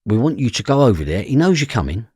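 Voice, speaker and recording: A man with a broad East London accent, his voice husky and low. He tells his stories with a lot of up and down in his pitch and jumps into the voices of the people in them. The sound is close and dry. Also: fast talker, no room sound. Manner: animated storyteller acting out other people's voices. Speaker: podcast guest. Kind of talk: storytelling interview.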